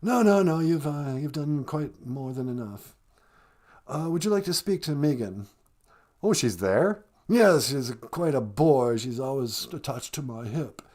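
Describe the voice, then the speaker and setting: A man's voice: medium pitch, expressive, measured pace, darkish tone. A man voicing a stiff, fussy aristocratic husband with a prim, posh delivery, in a comic phone-call skit.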